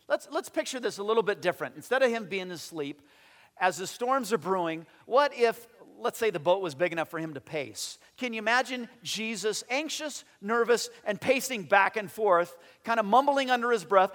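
A man preaching a sermon as pastor, animated, acting out quoted voices and often repeating his words. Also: high-pitched, moderate pace, in a large hall.

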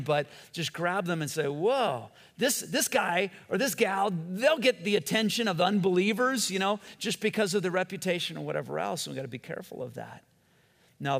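A middle-aged man preaching a sermon in a conversational, animated way, often restarting his sentences. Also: fairly high pitch, creaky, long reverb tail. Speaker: pastor.

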